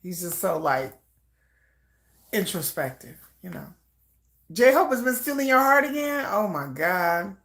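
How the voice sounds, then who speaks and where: A woman giving casual live reaction commentary, chatty, trailing off into soft murmurs and then jumping into excited bursts. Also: mid-range voice, takes it slowly, pauses often.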